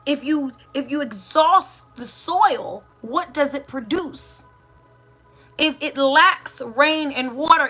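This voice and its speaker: A woman, a doula and mother, hosting a reflective spiritual monologue, asking many rhetorical questions with pauses and restarts. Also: sits high, bright, forceful tone. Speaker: podcast host and doula.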